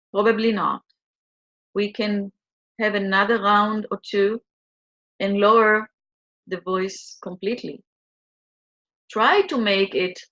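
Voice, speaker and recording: A woman coaching listeners through a guided tapping exercise in a slow, soothing, repetitive way. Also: mid-range voice, a bit bright, muffled recording.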